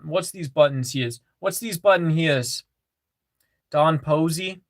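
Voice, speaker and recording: A man's voice: fairly high pitch, unhurried, dry recording. Dry-sounding man chatting on a livestream. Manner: reads chat aloud, repeats phrases, many fillers. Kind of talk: casual livestream chat.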